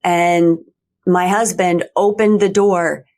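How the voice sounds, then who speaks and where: A middle-aged woman hosting a podcast, softly affirming her guest and reflectively recalling a hard moment. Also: lowish voice, steady tone, slow pace. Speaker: podcast host. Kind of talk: conversational interview.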